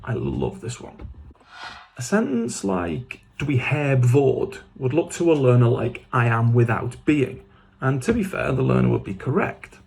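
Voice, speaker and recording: A man with a gravelly, fry-tinged voice at a middle pitch gives a casual scripted lesson, saying phrases and glossing them in English. His humour is dry and self-mocking. A faint hiss sits under the recording. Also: a little mellow. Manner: switches between Welsh phrases and English glosses. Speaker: Welsh language teacher.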